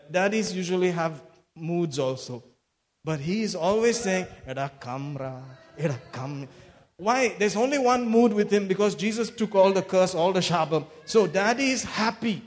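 A man delivers a sermon in a high voice, animated and exclamatory, dropping low and quiet when he retells a story. He laughs between phrases, and a long hall reverb trails his words. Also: normal speed. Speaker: preacher. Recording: echoey hall.

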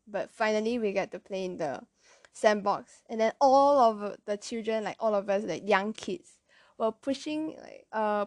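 Young Malaysian woman, casual rambling storyteller, higher voice, dry close sound. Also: no room sound. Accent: Malaysian English. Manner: chatty, rambling, often laughing at herself.

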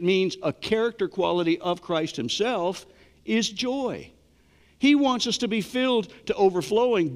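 A man's voice: sits high, long reverb tail. A middle-aged man preaching a sermon in a conversational way, asking the congregation questions. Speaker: pastor.

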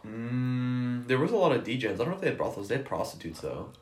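A man's voice: medium pitch, expressive, fast talker, a little mellow. A young man in casual chat, crude and joking, laughing often. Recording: echoey room.

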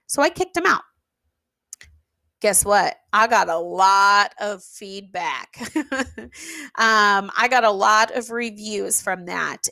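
A woman who runs an event venue tells a casual story, animated and emphatic, with fillers and the odd swear word. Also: mid-range voice, slow, gravelly, pauses often, no echo. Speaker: venue owner.

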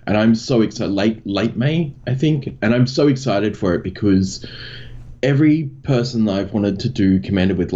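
A man's voice: on the low side, mellow, highs cut off. An Australian man, a content creator guest, chatting casually on a podcast. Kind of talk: casual interview chat.

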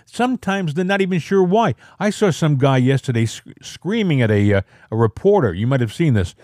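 A man's voice: very animated, fairly quick, darkish tone, dry recording, studio quality. Opinionated man on a political talk show. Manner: opinionated, emphatic, pushes pitch up when stressing a point. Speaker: co-host.

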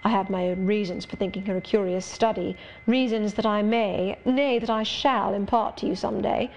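A brooding, sardonic gentleman of middle age, voiced by a woman reading an audiobook. He speaks in a measured, wry and confiding manner. The pitch sits in an ordinary middle range. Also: steady tone, lo-fi sound, a little hiss or hum, close to an everyday voice.

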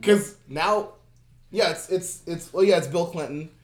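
A man's voice: a little high, unhurried, reverberant. A young man hosting a podcast in casual chat, swearing freely, laughing often and restarting his sentences. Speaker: podcast host.

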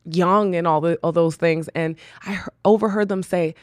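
A woman's voice: fairly low pitch, steady tone, normal speed, a little mellow, dry recording, studio quality. A woman hosting her own podcast, giving an earnest, personal, faith-based encouragement talk drawn from her own experience. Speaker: podcast host.

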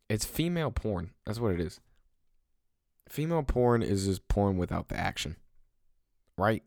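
A man's voice: lowish voice, dry recording, studio quality. A young man rambling in a casual, crude and sarcastic monologue to his viewers, mocking himself. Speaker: vlogger.

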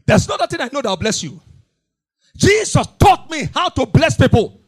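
A middle-aged man preaching a fiery sermon. He repeats his lines, swings from hushed to shouting in a sing-song cadence, and bursts into tongues. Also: very high voice, big pitch swings, moderate pace, breathy edge.

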